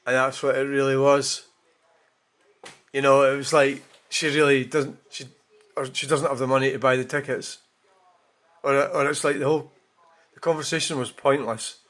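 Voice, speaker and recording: A male vlogger's mid-range voice shows little pitch movement as he speaks at normal speed with long pauses and a fairly bright tone. His casual monologue rambles, is frank, and is peppered with swearing and self-corrections.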